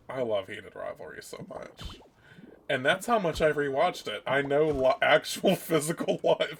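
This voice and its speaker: A man streaming a game, chatting casually, gushing and self-mocking. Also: medium pitch. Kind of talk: casual gaming commentary.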